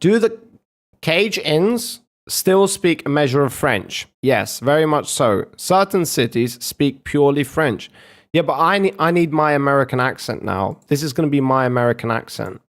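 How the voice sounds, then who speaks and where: A man's voice: on the high side, animated, normal speed. A young man streaming and reacting to videos in casual, profane banter, joking around and trying out accents.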